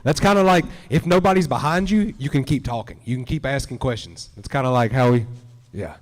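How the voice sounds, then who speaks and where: A man moderating a convention panel, talking quickly and loosely with lots of fillers. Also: medium pitch. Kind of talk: casual panel hosting. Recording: distant mic in a reverberant hall.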